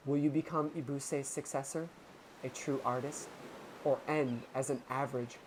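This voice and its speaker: A performer voicing a cold, elegant, scheming woman in a game dub, speaking softly and low with calm menace. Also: moderate pace, background noise, close to an everyday voice. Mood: coldly seductive. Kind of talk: dramatic video game voice-over reading.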